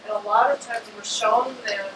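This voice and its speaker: A woman astrologer in an informal talk to a live audience, chatty and animated, often slipping into little acted-out voices. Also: a little high, moderate pace. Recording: echoey room, distant mic, air conditioning hum.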